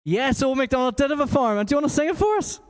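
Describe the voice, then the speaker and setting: A man with energetic, encouraging delivery leading a quiz for children in a church. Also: extremely high pitch, rapid-fire. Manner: energetic, encouraging, talks to a crowd. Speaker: children's worship leader running a quiz. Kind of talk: lively church address to children. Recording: echoey church hall.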